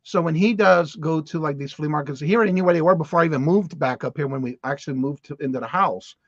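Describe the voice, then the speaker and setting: A man from Louisiana, a guest reseller, chatting casually and telling animated stories. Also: on the high side, fast, dry recording. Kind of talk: casual livestream chat. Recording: dull dry audio.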